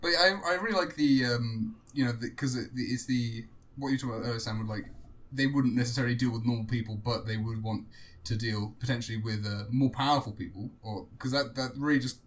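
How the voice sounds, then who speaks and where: A man co-hosting a casual tabletop game discussion, agreeable and quick to chime in with "yeah". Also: mid-range voice, fairly bright tone. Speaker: podcast co-host.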